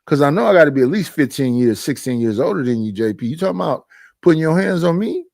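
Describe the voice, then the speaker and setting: A man's voice: fairly high pitch, fast, vocal fry, dry recording, studio quality. A middle-aged man hosting a casual live-stream chat, telling stories emphatically with lots of repetition. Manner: emphatic, animated storytelling with frequent repetitions. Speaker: stream host.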